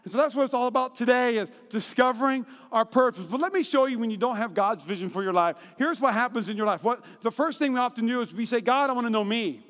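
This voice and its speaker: A man with a strikingly high voice delivers a lively sermon in a church hall, his words trailing off into a long reverb. He tells stories with animated energy and jumps into acted-out voices for the people in them. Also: fast talker, few pauses. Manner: animated storytelling, acts out quotes in high voices. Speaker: pastor. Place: church auditorium.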